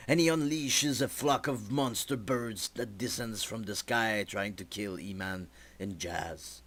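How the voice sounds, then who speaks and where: A young man, a student, narrating his storyboard story deliberately with small slips. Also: sits low, a bit bright. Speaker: student presenter.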